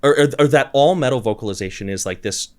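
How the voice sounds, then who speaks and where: A man who coaches singers, chatting casually on a podcast and acting out quoted students in animated stories. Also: mid-range voice, fast talker. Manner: animated storyteller, acts out quotes, many restarts. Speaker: vocal coach, guest.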